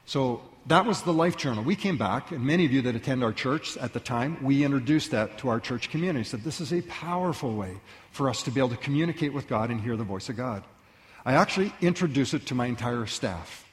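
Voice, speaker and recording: Male pastor, lively storyteller who acts out voices, recorded in a big echoing sanctuary. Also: mid-range voice, fairly quick. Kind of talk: sermon. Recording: long reverb of a large hall.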